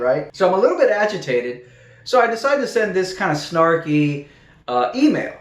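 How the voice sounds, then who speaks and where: A man's voice: a little high, animated, moderate pace, fairly bright tone. A man vlogging about his building project in a casual, exasperated way, laughing in disbelief as he talks. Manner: exasperated, incredulous, laughs often. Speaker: vlogger building a container home. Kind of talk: casual video diary. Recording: echoey room with faint music.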